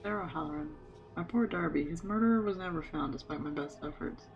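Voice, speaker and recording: A streamer reading a grieving woman ghost's lines in a soft, pleading voice. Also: medium pitch, fast, highs cut off, faint music behind, lightly acted.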